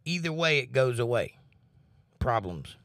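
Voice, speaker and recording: This home livestream host speaks earnestly yet relaxedly about faith while reading comments from viewers. His medium-pitched voice is unhurried, and there's no room sound.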